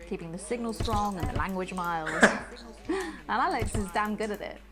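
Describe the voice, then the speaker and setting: A woman's voice: medium pitch, very animated, moderate pace, close to an everyday voice. A polished, posh female news anchor, played by a woman, signing off a broadcast in a game. She turns creepily intimate and pleading. A crowd murmurs behind her. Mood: smooth. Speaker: news presenter. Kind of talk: live broadcast sign-off, in character.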